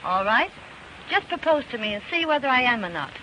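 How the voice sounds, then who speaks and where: A woman's voice: on the high side, big pitch swings, a little fast. An actress playing a spoiled, eager young rich woman in a 1930s film, coaxing and playful. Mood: pleading. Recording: noisy old film soundtrack.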